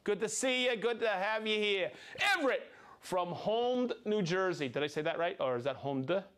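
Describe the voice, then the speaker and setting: Male stream host, high voice with big swings, cheery shout-outs to viewers. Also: expressive, moderate pace, smooth. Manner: upbeat, cheering, chatty asides. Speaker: livestream host.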